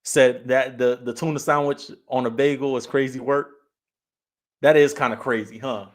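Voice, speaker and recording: A man's voice: medium pitch, fairly even intonation, moderate pace. A man from California hosting a casual livestream, laid-back, laughing often as he reads chat comments aloud. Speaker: livestream host.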